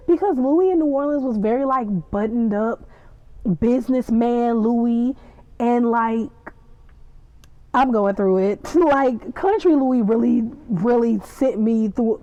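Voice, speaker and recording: A woman's voice: fairly high pitch, unhurried, no echo, lo-fi sound. A young woman hosting a podcast, casually and animatedly retelling a TV episode and acting out the characters' lines. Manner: animated, gossipy retelling with acted-out quotes. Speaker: podcast host reviewing a TV episode. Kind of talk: casual chat.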